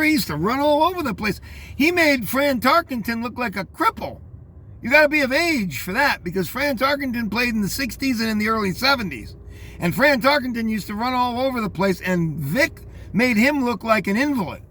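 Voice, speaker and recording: A man's voice: very high voice, lively intonation, a little fast, pushed and bright. An older man reading out news headlines and commenting on them in a rambling, scornful way, talking straight to his listeners.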